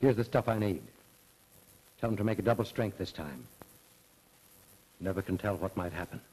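A low-voiced worried father. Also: normal speed, darkish tone, husky, rough recording. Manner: anxious, guarded. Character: worried middle-aged father, secretive. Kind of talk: 1930s film acting.

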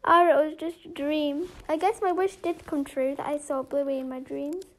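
A woman's voice: high-pitched, fairly even intonation, moderate pace, fairly bright tone. A woman playing the lead in her own game role-play story, talking in an emotional, dramatic way. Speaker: storyteller and main character.

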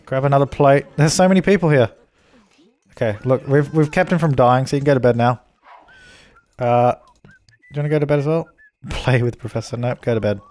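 A man talking casually into a desk microphone while he plays a life-simulation game. He chats away, laughs a lot and bosses his little characters around. His voice sits in an ordinary middle pitch. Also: brisk, long pauses, a little mellow. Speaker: let's play host. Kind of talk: casual gameplay commentary.

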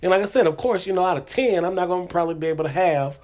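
A man's voice: high-pitched, rapid-fire, darkish tone. A middle-aged man hosting his own comedy podcast, talking loosely and casually with lots of "you know what I'm saying" fillers. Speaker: podcast host. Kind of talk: casual solo podcast monologue.

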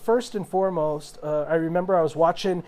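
A man's voice: fairly high pitch, fairly quick, darkish tone. A man in casual podcast chat, telling a long story and acting out the quotes. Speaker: podcast guest.

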